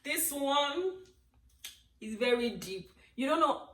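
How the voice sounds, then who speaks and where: A woman's voice: high voice, lively intonation, slow, a bit bright, distant mic, slight background noise. A young Nigerian woman co-hosts a casual chat, often jumping in to finish her partner's thoughts. Her voice is set back from the mic in an echoey room. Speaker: vlogger. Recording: roomy sound from off the mic.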